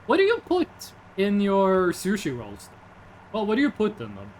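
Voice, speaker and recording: A man's voice: high voice, wildly swooping pitch, moderate pace, a little mellow, a little hiss or hum. A young man, streaming casually in a rambling, jokey way and answering chat. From Norway.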